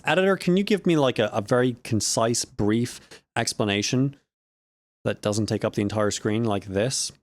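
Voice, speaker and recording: A man casually explaining audio harmonics in a vlog, rambling and correcting himself with joking asides. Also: fairly low pitch. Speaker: audio student vlogger.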